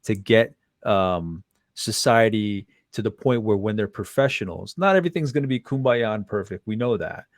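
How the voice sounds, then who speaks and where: Low-voiced man host, halting questions. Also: no room sound, clean studio sound. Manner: halting, restarts often with fillers. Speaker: podcast host. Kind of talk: interview questions.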